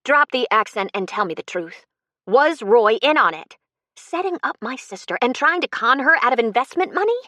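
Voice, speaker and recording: Brief: furious adult woman in an audiobook, demanding and sharp, voiced by the female narrator. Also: fairly high pitch, lively intonation, normal speed, dry recording, clean studio sound, voice pushed up. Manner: angry, demanding, rising to panicked shouts. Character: furious adult woman confronting a con man.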